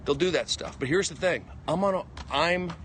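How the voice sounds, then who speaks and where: Male comedian, fairly high voice, excitable rambling phone livestream, faint traffic hiss behind. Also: moderate pace. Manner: excitable, emphatic, jumping between topics. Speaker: stand-up comedian. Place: outdoors on a walk.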